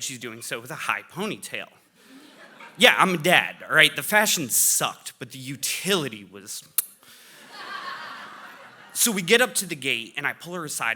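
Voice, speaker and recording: Bright-voiced dad telling a comic story. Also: male voice, mid-range voice. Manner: animated, comic, bursts of loud excitement. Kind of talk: live storytelling on stage. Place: stage before a live audience.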